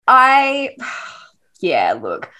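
A woman's voice: high-pitched, wildly swooping pitch, drawn-out words, sharp tone. A woman co-hosting a podcast, chatting casually about a book, laughing often and swearing freely. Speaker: podcast co-host.

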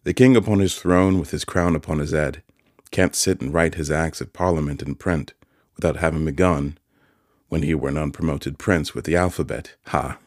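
A man voicing a kindly, simple-spoken village blacksmith in an audiobook, with earnest, gentle country speech. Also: a bass voice, steady tone, moderate pace, dry recording, studio quality. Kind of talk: audiobook character voice.

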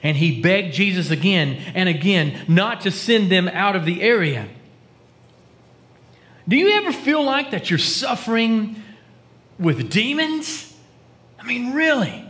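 A pastor preaching a conversational sermon, dropping to hushed tones for dramatic quotes. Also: male voice, sits high, very animated, unhurried, long pauses. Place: church.

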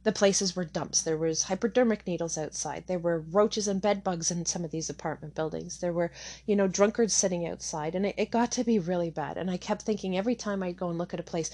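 A woman's voice: on the low side, fairly quick, mellow. A middle-aged woman telling her own hard story candidly, with many fillers and restarts. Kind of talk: personal testimony.

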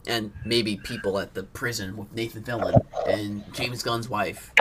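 A young man co-hosting a podcast, chatting casually and excitedly about a film, swearing a lot and acting out scenes. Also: fairly low pitch, moderate pace, hardly any pauses, very noisy. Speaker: podcast co-host. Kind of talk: casual movie chat.

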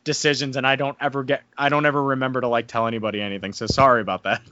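A man's voice: medium pitch, flat delivery, racing, bright, forceful tone, no echo, lo-fi sound. A man co-hosting a casual podcast review, talking loosely with lots of "I mean" and "like". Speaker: podcast co-host and wrestling promoter.

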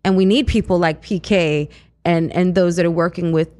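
A woman's voice: fairly low pitch, fairly even intonation, normal speed, dark tone. A woman co-hosting a radio show in casual chat, outspoken and emphatic, with some street slang. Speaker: radio co-host and youth worker. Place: radio studio.

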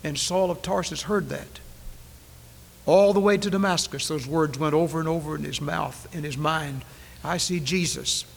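A slightly high, gravelly male voice with a steady tone preaches at normal speed in a large hall, captured on a 1990s church recording. The sermon is dramatic, alternating loud declarations with quiet lines and circling back to key phrases.

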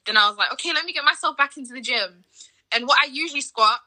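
A woman's voice: high voice, fast talker, bright, forceful tone. A woman who plays netball, talking as a guest in a casual podcast chat and laughing often as she tells stories. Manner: chatty, laughs while telling stories.

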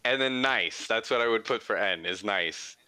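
Young man, podcast host, low voice, dry close sound, rambling profane storytelling. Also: normal speed, sharp tone, clean tone, no room sound. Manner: rambling, profane, full of "like" fillers. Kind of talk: casual storytelling chat.

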